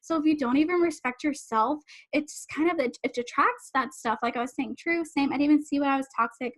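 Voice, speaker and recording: A young woman life coach hosting a live online summit, talking fast and rambling in a bubbly, effusive way over a video-call mic. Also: sits high, fairly bright tone. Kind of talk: casual live-stream talk to attendees.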